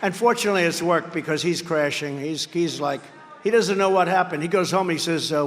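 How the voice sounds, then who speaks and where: Man, campaign rally speech, high voice, rambling and boastful, long reverb of a large venue. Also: lively intonation, a little fast. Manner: mocking rivals by acting out their words. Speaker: political candidate.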